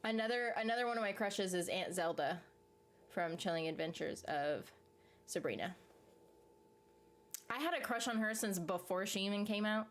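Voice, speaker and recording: A woman's voice: medium pitch, normal speed, long pauses. A woman talks loosely on a live stream, reading out viewer comments and reacting in a rambling, conversational way. She laughs often and drifts between thoughts. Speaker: YouTube streamer reading chat. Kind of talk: casual live-stream chat about a TV series.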